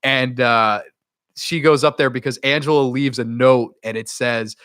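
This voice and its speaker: A man giving a casual, excitable review of a horror film, with profanity and rambling asides. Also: medium pitch, measured pace, clear, resonant tone, dry recording, clean studio sound.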